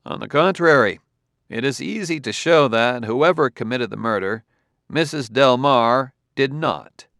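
A man voicing a dogged male Earth detective who presses and cross-examines in a raised, forceful voice, recorded dry. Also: medium pitch, expressive, a little slow, vocal fry, no echo. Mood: persuasive.

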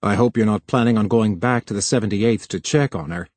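A man's voice: on the low side, a little fast, darkish tone, no room sound, natural voice. A man reading the part of a touchy, defensive young male technician, with clipped, stern delivery. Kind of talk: audiobook character voice.

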